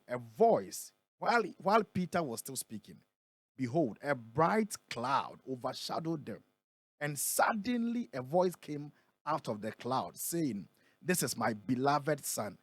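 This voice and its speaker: A Ghanaian man who is a prophet, speaking in a radio interview and reading scripture aloud, slowing down and building on the key words. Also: medium pitch, big pitch swings, no echo. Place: radio studio.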